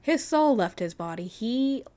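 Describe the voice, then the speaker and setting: A woman's voice: fairly high pitch, animated, a little slow, dark tone. A young woman co-hosting a podcast, casually telling an urban legend, chatty with lots of fillers and blunt swearing for emphasis. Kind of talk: casual storytelling chat.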